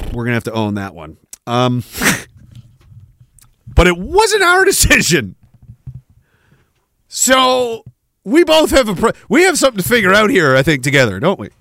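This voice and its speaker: A man's voice: high-pitched, wildly swooping pitch, measured pace, pauses often, pushed and bright, no echo. A man hosting a casual live-stream podcast, rambling and joking as he reads viewer messages, laughing often.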